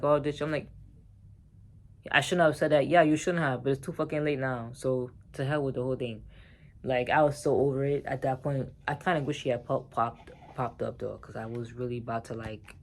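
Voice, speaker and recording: A man's voice: medium pitch, a little fast. A man telling a personal story in a casual vlog, heated and profane, talking straight to the viewers.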